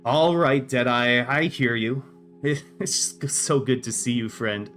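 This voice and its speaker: A man's voice: mid-range voice, takes it slowly, fairly bright tone, soft background music. A man doing a cheeky rabbit-folk prisoner. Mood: wry. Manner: wry, teasing.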